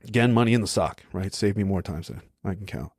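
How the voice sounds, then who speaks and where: A man's voice: low voice, quick pace, darkish tone, slightly rough, dry recording. A young adult man, a podcast guest, telling stories in a laid-back way, often tagging sentences with "right?" and "like". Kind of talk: casual storytelling.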